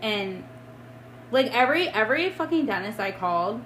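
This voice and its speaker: A woman's voice: fairly high pitch, lively intonation, moderate pace, a bit bright, echoey room, poor audio. A young woman co-hosting a casual podcast, talking bluntly and heatedly and swearing often. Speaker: podcast co-host. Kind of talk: casual chat. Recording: faint background noise.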